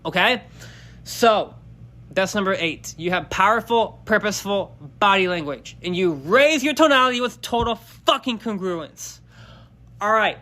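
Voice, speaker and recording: A man hosting a solo podcast, talking bluntly and emphatically with lots of swearing and swinging his pitch up and down. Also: animated, unhurried, pushed and bright. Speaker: podcast host.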